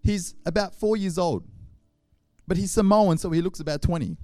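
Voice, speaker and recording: An Australian man preaches a sermon full of funny stories, acting out each scene with lively sound effects. His voice sits fairly high. The sound is dry and close, with no room echo. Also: normal speed. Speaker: pastor. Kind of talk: humorous sermon storytelling.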